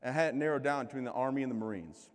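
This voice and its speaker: A man's voice: medium pitch, rapid-fire. A man from the United States telling self-deprecating, joking stories as a keynote speaker at a large event. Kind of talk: comedic motivational keynote. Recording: reverberant hall from a PA.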